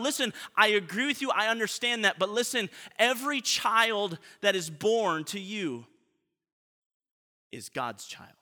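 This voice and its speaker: Earnest preacher guy, sharp bright tone, long echo from the hall. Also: high-pitched, unhurried. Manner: earnest, often trailing off softly. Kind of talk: sermon. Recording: long reverb of a large hall.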